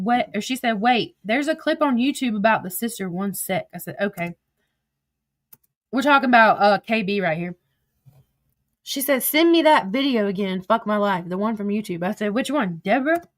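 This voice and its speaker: A woman's voice: fairly high pitch, no room sound. A woman streaming casual commentary, reading text messages aloud in a profane, gossipy way and laughing often. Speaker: social media streamer.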